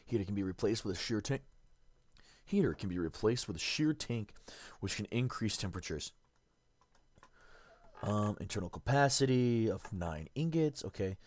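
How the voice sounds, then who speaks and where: A man's voice: fairly low pitch, lively intonation, moderate pace, pauses often, a little mellow, no echo. A man streaming a game, casually thinking aloud and correcting himself as he reads and works things out. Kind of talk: casual gameplay commentary.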